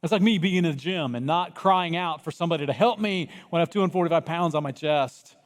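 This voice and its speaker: A male pastor preaching with an animated delivery, sometimes crying out loud, then dropping to near-hushed tones. His voice sits a little high for a man. It rings with the long reverb of a church hall. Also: fast talker. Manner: animated, acts out voices of people in the story, swings from loud cries to hushed. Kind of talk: sermon. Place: church sanctuary.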